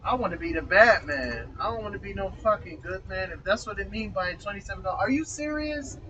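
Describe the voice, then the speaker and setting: High-voiced man ranting, heavy cursing. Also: lively intonation, fairly quick, bright, forceful tone, recorded from a distance, dull audio, slight background noise. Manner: exasperated, heavy swearing, breaks into laughter. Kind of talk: casual profane rant.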